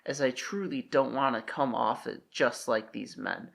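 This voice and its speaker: A man's voice: medium pitch, measured pace, vocal fry, a bit bright. A young man co-hosting a comedy podcast, reading posts and cutting in with sarcastic jokes. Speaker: podcast co-host.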